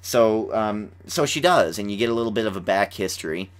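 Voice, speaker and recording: Young man, podcast host, slightly low voice, casual rambling chat. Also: fairly quick. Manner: rambling, says "like" often, animated retelling. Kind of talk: casual chat about a TV episode.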